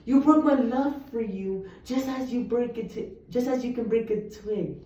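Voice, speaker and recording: A woman's voice: a little high, normal speed, warm tone. Young woman reciting poetry in an echoey room. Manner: earnest, emphatic recitation. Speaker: student reciting poems. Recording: echoey, distant, muffled room recording.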